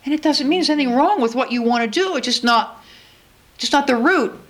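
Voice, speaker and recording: A woman's voice: sits high, lively intonation, a little fast, a bit bright. A woman in her sixties preaching a sermon in a church, earnest and personal, acting out her own talks with God. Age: 60s.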